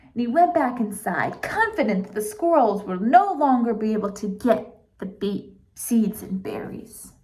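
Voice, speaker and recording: Reading a picture book to children, a woman uses a high, sing-song voice that rises and falls. She's in no hurry, occasionally breaking off for playful chat with the kids.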